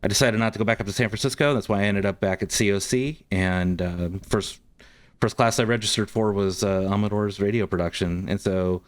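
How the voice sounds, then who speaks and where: A man's voice: on the low side, fairly even intonation, a little fast. A man guest on a podcast, telling a story casually with many ums and likes. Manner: rambling, frequent ums and likes.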